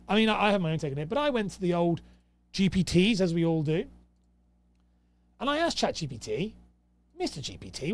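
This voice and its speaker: A young man hosting a casual commentary, reading rules aloud and reacting with exasperated sarcasm. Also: on the high side. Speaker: host.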